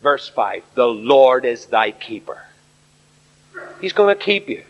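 Irish preacher in an echoing hall. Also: male voice, mid-range voice, big pitch swings, takes it slowly. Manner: emphatic, addresses the congregation directly. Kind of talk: sermon. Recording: dull recording in a reverberant hall.

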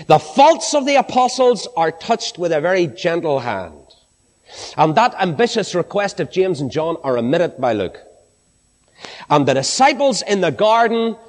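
A man preaching a sermon to a congregation, swinging from high, ringing exclamations down to low, hushed phrases. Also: very animated, a little slow. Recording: long hall reverb.

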